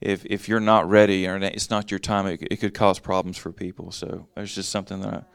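A man's voice: sits low, little pitch movement, fairly quick, gravelly, clear, resonant tone, dry recording, studio quality. A man giving a casual Bible teaching, reading verses aloud and then explaining them in plain, conversational talk.

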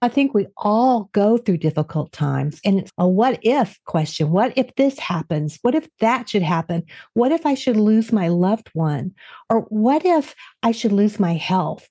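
A woman hosts a faith interview and asks calm, reflective questions. Her voice is warm and mellow. The sound is close and dry. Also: mid-range voice, a little slow, breathy edge, no echo. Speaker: host.

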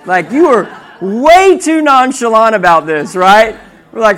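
Here a young male preacher talks in a high pitch at an ordinary pace. His sermon feels conversational, sprinkled with repeated "right?" check-ins and lively storytelling.

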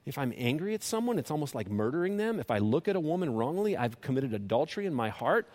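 A man preaching a sermon as pastor, impassioned, swinging from loud peaks to soft, low appeals, often repeating and restarting words. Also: big pitch swings, fast.

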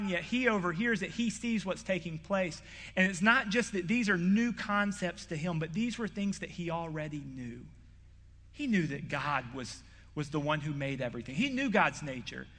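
A young man preaching a sermon in an earnest, conversational way. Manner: earnest, conversational, gets louder and higher when acting out Isaiah's words. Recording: hall reverb.

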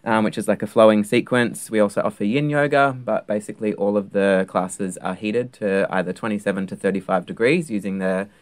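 An Australian man, a yoga teacher and performer, chatting as a guest in a relaxed, explanatory way. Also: lowish voice, brisk, few pauses. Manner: relaxed, explanatory, loose with fillers. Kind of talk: casual interview chat.

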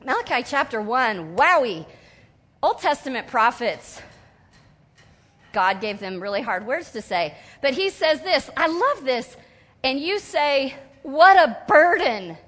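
A woman preaching a sermon in an animated way, acting out whiny voices and sobs now and then. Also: high voice, measured pace. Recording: long hall reverb.

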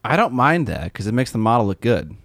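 A young man co-hosting a podcast about miniature painting, chatting in a playful, teasing way with quick quips. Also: medium pitch, very animated, a bit bright, dry recording, clean studio sound. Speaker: podcast co-host.

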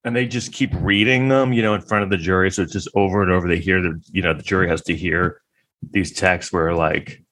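Casual male commentator, lowish voice, rambling delivery. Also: fairly even intonation, a little fast, fairly bright tone. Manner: rambling, lots of filler words. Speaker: comedic commentator. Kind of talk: casual comedic recap.

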